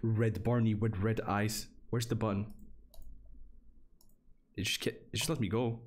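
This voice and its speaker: A man's voice: fairly low pitch, fairly even intonation, measured pace, a little hiss or hum. A young man streaming live, flustered and swearing as he reads game text aloud. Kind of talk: live gameplay commentary.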